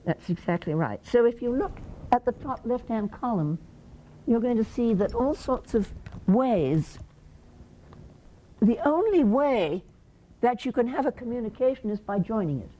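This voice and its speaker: A woman's voice: fairly high pitch, lively intonation, normal speed, dark tone, a little hiss or hum. A woman with an English accent giving a conference lecture, quizzing the audience and acting out short examples. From England. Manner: questions the audience and acts out examples. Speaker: conference presenter.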